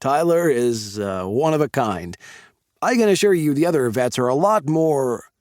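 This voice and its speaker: A man's voice: mid-range voice, animated, normal speed, darkish tone, dry recording, clean studio sound, voice pushed up, lightly acted. A man voicing a kindly vet with a concerned, parental lilt. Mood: friendly. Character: kindly, fussing male vet.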